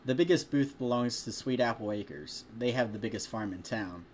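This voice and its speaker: A man reads a story aloud in a casual, chatty way, stopping now and then for a joke about the text. His voice sits at a middle pitch. A faint background noise runs under the recording. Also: moderate pace, darkish tone. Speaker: fanfiction reader.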